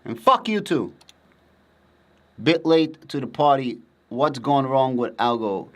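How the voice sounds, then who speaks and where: A man's voice: mid-range voice, lively intonation, slow. A man for whom Russian is a first language, hosting a casual livestream, answering viewer comments in a blunt, profane and emphatic way. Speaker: livestream host.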